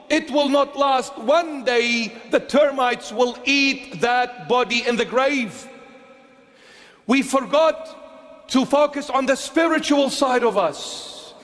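A man with a notably high voice preaches slowly and deliberately to his congregation. He is impassioned and emphatic, moving between forceful declarations and hushed pleading, and his words ring out in a long church reverb. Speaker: bishop. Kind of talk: sermon.

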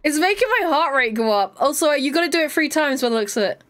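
A high-pitched woman chats away casually as she streams a game. She talks in a loose, rambling way and breaks into shrieks and laughter when something startles her. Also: animated, fast talker, a bit bright. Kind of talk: casual live gameplay chat.

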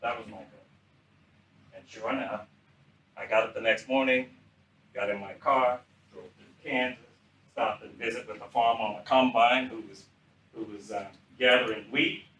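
A man's voice: mid-range voice, normal speed, pauses often, recorded from a distance, a little hiss or hum. Older man, storyteller, acts out dialogue, roomy sound. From South Carolina. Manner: animated storyteller acting out quoted dialogue. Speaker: retired general giving a talk. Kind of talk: anecdotal storytelling talk. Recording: echoey room, speaker off mic.

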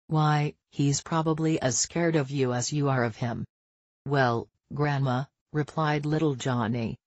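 A reader narrating a series of short jokes in an even, deliberate audiobook style. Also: mid-range voice, no echo, highs cut off. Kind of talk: scripted joke narration for learners.

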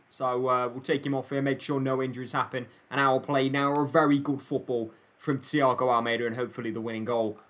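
A young man, a gaming YouTuber, commentates on his football video game match in mock broadcast style, adding jokes and bursts of frustration. His voice is mid-range with a fairly bright tone.

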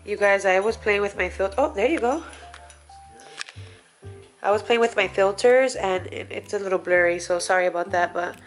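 A woman's voice: mid-range voice, normal speed, soft background music, poor audio. A woman filming a casual home vlog on a handheld camera, chatting to viewers and coaxing her dogs. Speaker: vlogger. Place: home, indoors and out in the yard.

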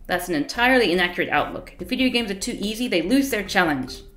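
A woman's voice: medium pitch, animated, quick pace, a bit bright, echoey room, soft background music, lightly acted. A woman playing a bossy, stern young woman. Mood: lecturing. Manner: scolding, matter-of-fact.

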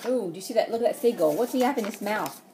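A woman's voice: mid-range voice, animated, fast talker, dark tone, a little hiss or hum. A woman preschool teacher, reading a picture book aloud and asking the children questions.

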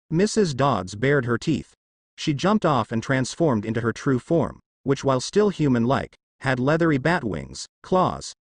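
Male narrator, storybook reading, lively pitch, dry close sound. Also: dry recording.

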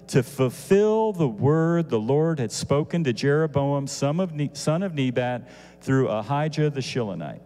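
A man teaching a Bible lesson casually, animated, with asides to his listeners. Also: medium pitch, a little slow, big-room sound.

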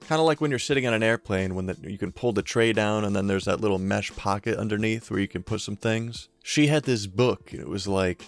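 A young man from Connecticut telling a casual, profane story in a storytime vlog, with laughter and drawn-out asides. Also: fairly low pitch, creaky. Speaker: vlogger.

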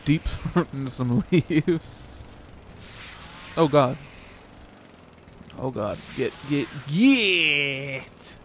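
A man's voice: mid-range voice, very slow, long pauses, a little mellow, slight background noise. A young man casually commentating a skateboarding game playthrough, joking, swearing and reacting as he plays. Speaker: gameplay commentator.

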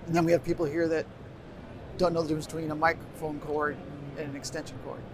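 Speaking quickly and flatly in a somewhat high voice, a middle-aged man leads a live workshop from a convention stage before an audience. He chats casually into a stage microphone and gives directions to the sound crew. The recording captures a noisy live room full of room noise.

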